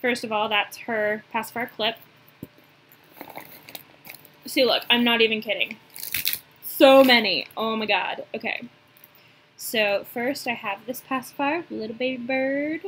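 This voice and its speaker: Bright-voiced chatty young woman vlogger. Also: on the high side, moderate pace, a little hiss or hum, poor audio. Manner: chatty, gushing, many "um"s. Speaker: reborn doll collector showing a haul. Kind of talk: casual haul vlog.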